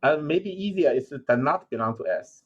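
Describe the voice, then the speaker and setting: A man's voice: a little high, lively intonation, moderate pace, breathy edge, lo-fi sound. A male university lecturer working through a problem aloud, with many fillers and restarts. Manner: thinking aloud with frequent "uh" and self-corrections. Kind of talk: recorded lecture.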